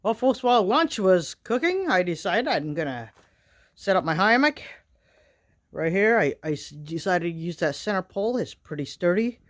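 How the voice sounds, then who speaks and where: An outdoor vlogger chats casually to the camera from a small wooden shack in the winter woods, rambling with many fillers. Her lowish voice has a sing-song quality and a moderate pace.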